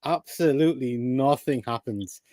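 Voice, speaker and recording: A man's voice: mid-range voice, normal speed, warm tone. A man co-hosting a casual chat, enthusiastic and throwing in "man" a lot. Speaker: podcast co-host.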